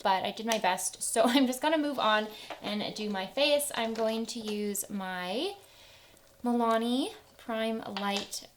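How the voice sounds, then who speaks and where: Young woman, beauty vlogger, casual get-ready-with-me chat, chatty and upbeat, medium pitch. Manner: chatty and upbeat, tearing up at touching stories.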